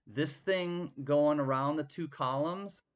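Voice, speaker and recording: A man's voice: on the high side, takes it slowly. A man running a live-stream coin auction, chatty and thanking bidders by name.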